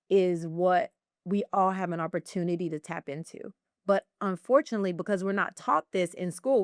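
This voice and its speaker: A woman guest in an interview, telling personal stories in an animated, heartfelt way. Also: on the low side, no room sound, clean studio sound. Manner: animated storyteller, acts out her own excitement. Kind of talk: conversational interview.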